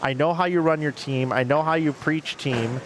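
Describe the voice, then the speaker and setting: A man's voice: on the high side, normal speed. A man commentating on bowling, chatting casually and rambling through emotional restarts. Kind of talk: casual chat. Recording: noisy background.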